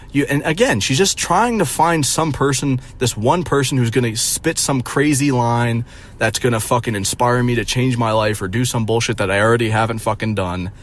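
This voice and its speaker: A young man in his twenties, a streamer telling a rambling, profane story in a mocking, incredulous tone. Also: medium pitch. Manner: profane, rambling, with many fillers. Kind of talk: casual storytelling rant.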